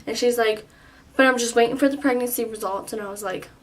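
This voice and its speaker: A woman's voice: fairly high pitch, fast talker, recorded from a distance. Chatty young woman telling a story. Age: 20s. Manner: animated, lots of "like", swearing. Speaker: vlogger. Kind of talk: storytime vlog.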